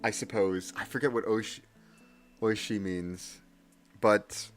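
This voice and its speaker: A man chatting casually on a live stream while practicing Japanese kana, self-deprecating and nervously energetic. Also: lowish voice, measured pace, faint music behind. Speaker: livestreamer studying Japanese kana.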